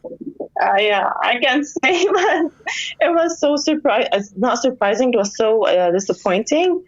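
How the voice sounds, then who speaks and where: A woman's voice: fairly high pitch, expressive, unhurried. Woman, caller, giggly, hesitant, dull muffled call audio. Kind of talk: casual phone-in chat.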